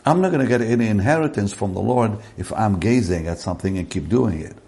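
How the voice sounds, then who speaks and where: A man preaching a sermon slowly and deliberately, rising in pitch to stress key words. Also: lively intonation, dark tone.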